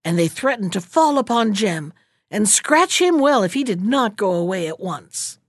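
Female fairy-tale reader, animated delivery, dry close mic. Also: medium pitch, moderate pace, no room sound. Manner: expressive, storytelling.

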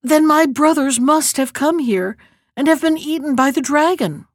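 A woman's voice: fairly high pitch, sing-song, normal speed, no echo, clean studio sound. A woman voicing a hopeful, bold young male prince in a storybook reading, speaking earnestly.

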